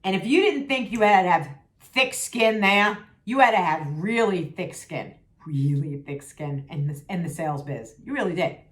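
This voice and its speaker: A woman's voice: on the low side, expressive, moderate pace. Sassy woman venting in an echoey room. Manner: sassy, emphatic, repeats for emphasis. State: losing her voice. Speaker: vlogger. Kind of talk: candid venting vlog.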